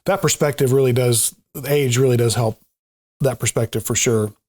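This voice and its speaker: A man's voice: medium pitch, fairly even intonation, moderate pace, darkish tone. A man hosting a podcast, talking in a thoughtful and affirming way. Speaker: podcast host. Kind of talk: conversational podcast talk.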